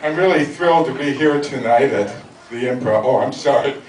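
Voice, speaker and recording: A man's voice: mid-range voice, normal speed, darkish tone. An older man from the Chicago area doing a stand-up routine in a comedy club, delivering dry, self-mocking punchlines. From Chicago area, USA. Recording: echoey, distant, noisy club recording.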